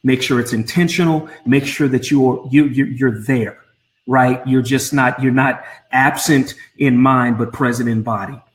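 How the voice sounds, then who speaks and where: A man's voice: medium pitch, fairly even intonation, measured pace. A man coaching blended families on a live stream from home, speaking earnestly and often repeating his words. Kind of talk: Facebook Live talk. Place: home room. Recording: roomy echo.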